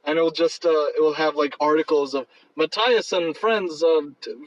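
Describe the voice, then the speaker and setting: Casual co-host, male, jokey and quick to riff; lo-fi mic placed off to the side. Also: a little high. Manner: playful, jokes and tries silly accents. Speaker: podcast co-host. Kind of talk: casual movie discussion. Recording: muffled, dull, distant from mic.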